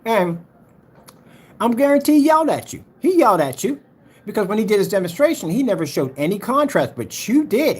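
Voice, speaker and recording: A livestream host with a high, husky voice rants heatedly, mocking and repeating himself while addressing his chat directly.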